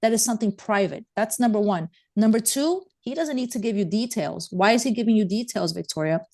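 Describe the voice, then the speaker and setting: A woman's voice: medium pitch, expressive, a little fast, vocal fry, darkish tone. A mother speaking as an interview guest, urging parents with emphatic, repeated warnings. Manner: emphatic, urgent, repeats points. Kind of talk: interview conversation.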